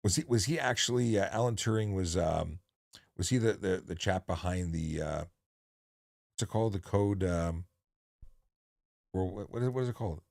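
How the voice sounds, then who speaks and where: A man's voice: deep voice, normal speed, gravelly, long pauses, darkish tone, dry recording, studio quality. A man, a former police officer, hosting a casual livestream chat, telling dad jokes and rambling with lots of restarts. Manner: jokey, rambling with many restarts.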